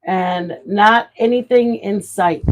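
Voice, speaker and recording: A woman's voice: medium pitch, slow, lo-fi sound, noisy background. A woman hosting a live stream, chatting frankly and animatedly with her viewers. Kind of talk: casual chat to viewers.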